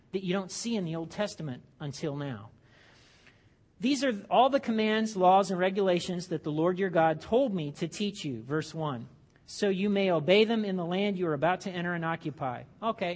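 A man preaching a sermon in a church, in a conversational way with joking asides and frequent restarts. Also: high voice. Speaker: pastor.

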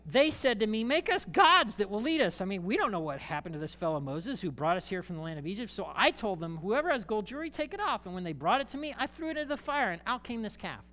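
A man preaching a sermon, voicing a male biblical priest who makes defensive excuses, lifting his pitch as he pleads. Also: very animated, fast talker, few pauses, pushed and bright, heavily acted. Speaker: pastor.

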